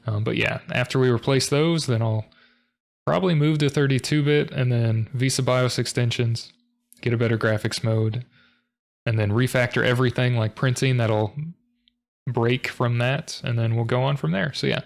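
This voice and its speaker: A tired man talking through his programming project late at night, in a low-key, monotone way with frequent ums and small laughs. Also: normal speed, gravelly. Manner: low-key, monotone, self-described as not very expressive. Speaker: programming tutorial host. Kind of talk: casual screen-recorded coding talk.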